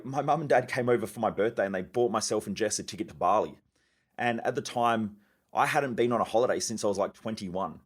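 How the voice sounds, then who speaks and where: A man, candidly telling his life story as a podcast guest, swearing freely. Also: fairly low pitch. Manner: candid, profane, fast-talking. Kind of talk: personal storytelling.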